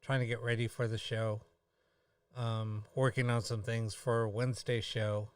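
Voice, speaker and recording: A tired man hosting a live stream, chatting casually in a halting way with many pauses and fillers. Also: mid-range voice, level tone, dry recording, studio quality, recorded from a distance. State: tired, yawning.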